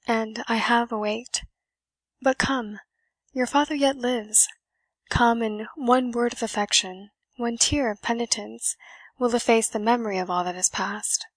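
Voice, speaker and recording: A woman voicing an earnest young gentleman who speaks solemnly and commandingly. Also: fairly high pitch, dry recording. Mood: reproachful.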